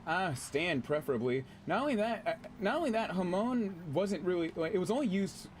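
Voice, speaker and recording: A man streaming a game, chatting casually with his audience in an excitable, chatty way and swearing freely. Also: high-pitched, normal speed, a little hiss or hum. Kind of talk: casual gameplay commentary.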